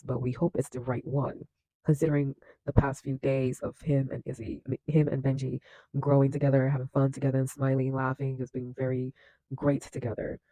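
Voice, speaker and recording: A man with a mellow, warm voice talking through a movie scene by scene. He chats casually, laughing here and there and using lots of fillers. The sound is close and dry. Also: mid-range voice, no room sound, rough recording. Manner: chatty, leans on fillers, laughs often. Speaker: film reaction host. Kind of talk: casual movie recap and commentary.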